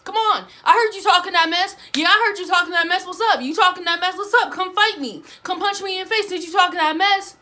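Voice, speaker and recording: A woman putting on a loud, taunting schoolgirl bully. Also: very high voice, voice pushed up. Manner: fast, taunting, repeats herself. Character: tough girl fighter, loud and taunting.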